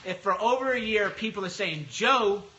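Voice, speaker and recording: A man talking casually on his podcast, his voice pitched high and bright. He gets animated and slips into mocking impressions of other people as he goes. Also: brisk, dull audio. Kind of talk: casual monologue.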